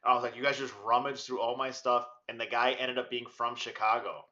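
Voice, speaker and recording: Animated swearing man telling a story. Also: mid-range voice, a little fast, dull audio. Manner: animated, swears freely, acts out quoted voices. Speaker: community member on a morning call. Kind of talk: casual storytelling on a group call.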